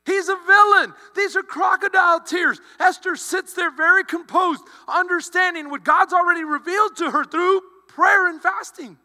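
A man preaching with a very high, sharp, ringing voice, acting out the characters as he tells the story. His sermon echoes with a long reverb through a church hall over a low mains hum. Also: moderate pace, few pauses. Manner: animated, acts out characters' lines. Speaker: pastor.

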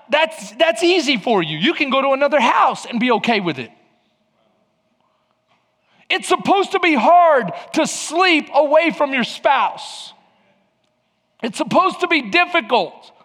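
A man preaching a sermon, telling stories animatedly with bursts of shouting. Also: very high voice, in a large hall. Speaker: pastor.

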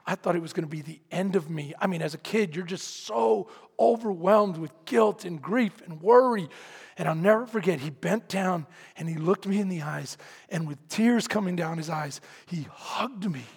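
A preacher from San Antonio, Texas, telling a story in a sermon to his congregation, animated and often shouting, then quiet and earnest. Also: high voice, normal speed, gravelly, husky. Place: large hall, speaking to a congregation. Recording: long hall reverb.

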